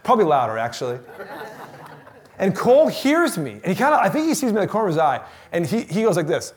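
A male pastor in his thirties with a slightly higher-pitched voice delivers a sermon in a chatty, personal way. He tells stories with lively energy and softens to a near-whisper to press a point home. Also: fast talker. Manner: conversational preaching, drops to near-whispers for emphasis; animated storytelling, shouting in re-enactment.

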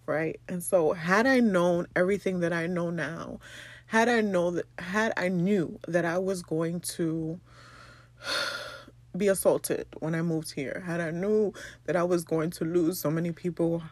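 A young woman, from the Bronx, hosting a personal podcast monologue, tearful and halting, with many pauses and ums. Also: fairly low pitch, fairly even intonation, no room sound. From the Bronx, New York. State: tearful, crying. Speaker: podcast host.

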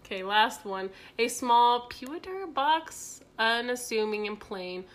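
A woman's voice: fairly high pitch, animated, takes it slowly, a bit bright. A young woman co-hosting a casual podcast, reading quiz questions aloud with playful, giggly asides. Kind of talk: casual chat.

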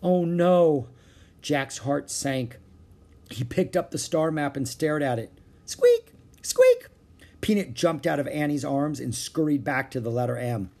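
A man reading a children's chapter book aloud, with expressive narration. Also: medium pitch, normal speed, vocal fry. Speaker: storyteller.

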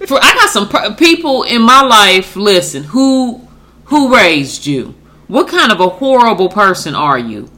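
Blunt, profane woman with a bright voice. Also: mid-range voice, big pitch swings, unhurried. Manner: blunt, profane, emphatic with rhetorical questions. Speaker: podcast co-host. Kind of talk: casual chat.

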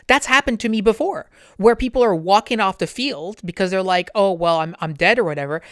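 A woman chatting casually, full of "like" fillers and telling stories with lively acted-out quotes. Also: medium pitch, dry recording, studio quality. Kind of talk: casual chat.

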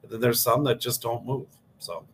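A man's voice: mid-range voice, lively intonation, moderate pace, fairly bright tone, slight background noise. A man co-hosting a casual real estate talk, easygoing and telling stories. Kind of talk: casual chat.

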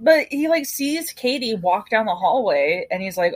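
Woman podcast co-host, lively swinging pitch, chatty recap that slips into quoted character voices. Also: normal speed. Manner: animated, acts out characters' lines while retelling. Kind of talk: casual chat recapping a TV episode.

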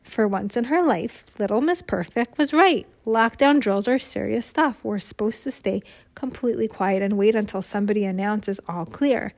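A woman reading a children's book aloud to a child, with expressive storytelling and chat in between. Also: mid-range voice, moderate pace. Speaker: reader.

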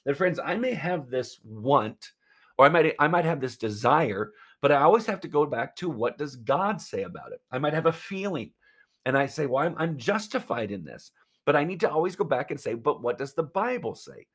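Guy preaching a sermon, kinda husky voice, earnest and emphatic, keeps saying friends. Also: a little high, sing-song, normal speed, a bit bright. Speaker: pastor.

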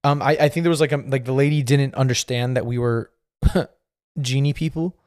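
A man's voice: mid-range voice, fairly even intonation, moderate pace, a little mellow, no echo, studio quality. A man in his thirties hosting a podcast, telling a rambling story with lots of fillers and laughing as he goes. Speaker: podcast host. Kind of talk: casual storytelling.

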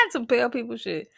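A woman's voice: high voice, vocal fry, bright, forceful tone, dry recording. A woman hosts her podcast in a loose, casual chat, her voice bouncing widely up and down as she rants. She swears freely, sounds fed up and keeps breaking off into sighs and laughter. The recording is dry and close, with no room sound. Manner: profane, exasperated, laughs and sighs often. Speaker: podcast host.

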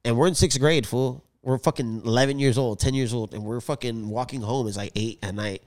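A man's voice: medium pitch, fairly quick. A man co-hosting a podcast, telling stories in casual slang and acting out what people said. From Filipino family. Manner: animated slangy storyteller, acts out quotes. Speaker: podcast co-host. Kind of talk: casual chat, storytelling.

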